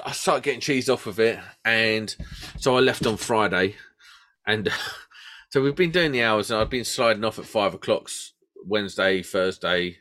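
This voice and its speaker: Man, podcast co-host, lively swinging pitch, laughs a lot. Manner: chatty storyteller, laughs often. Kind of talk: casual chat.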